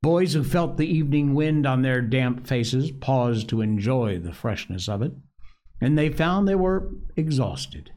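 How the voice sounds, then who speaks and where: A man narrating a novel aloud with a slow, deliberate, expressive delivery. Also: mid-range voice. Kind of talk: audiobook novel reading.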